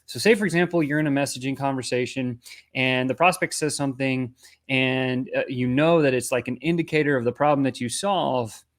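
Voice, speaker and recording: A man in the role of a sales coach, teaching in an easy conversational manner. His voice sits at a middling pitch, and he keeps checking in with a quick "right?" as he explains. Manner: conversational, often tags lines with "right?". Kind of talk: instructional talk to camera.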